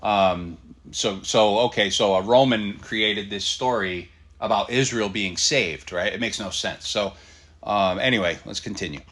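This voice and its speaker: Low-voiced male reaction host, blunt and fired up, swears casually. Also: a bit bright. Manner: fired-up, blunt, swears, pauses often with fillers. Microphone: computer setup at a desk.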